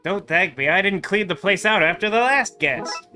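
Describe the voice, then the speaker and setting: A man's voice: high voice, expressive, moderate pace, bright, forceful tone, faint music behind, full character voice. A man doing a surly, sarcastic desert motel manager. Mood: grumpy. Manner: gruff, sarcastic, slangy. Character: rude grumpy male desert motel manager. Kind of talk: let's play voicing of game text.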